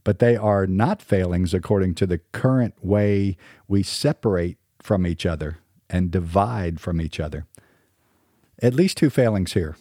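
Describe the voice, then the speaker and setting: A man's voice: fairly low pitch, mellow, dry recording, studio quality. A middle-aged man from the American South with a mostly standard American accent, hosting a podcast in a scripted monologue with wry, sarcastic asides. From Southern United States. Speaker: podcast host.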